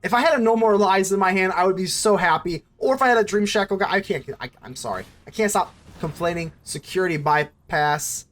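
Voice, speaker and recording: Lively, self-scolding card game streamer. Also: mid-range voice, a little fast, hardly any pauses. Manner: thinks aloud, scolds self, nervous fretting. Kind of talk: casual gameplay commentary.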